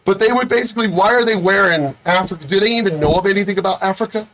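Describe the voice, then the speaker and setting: In a high-pitched, slightly bright voice, a video host races through an angry, profane rant full of repetition. He declares he's angry and fed up, and the recording is low quality.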